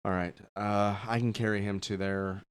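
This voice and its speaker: A man's voice: lowish voice, level tone, moderate pace, clean tone. A man playing a medic in a tabletop game, asking practical questions. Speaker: player.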